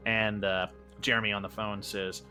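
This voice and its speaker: Rambling low-voiced male game master. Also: level tone, normal speed, sharp tone, faint music behind. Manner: loose and rambling, with many fillers and restarts. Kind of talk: narrating a tabletop game.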